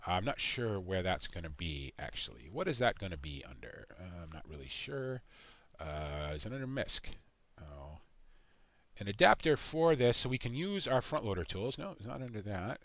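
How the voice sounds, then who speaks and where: An American man giving rambling let's-play commentary, halting and full of fillers. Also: low voice, sing-song, a bit bright, no room sound. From United States. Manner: halting, full of uh and you know. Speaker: gaming channel host.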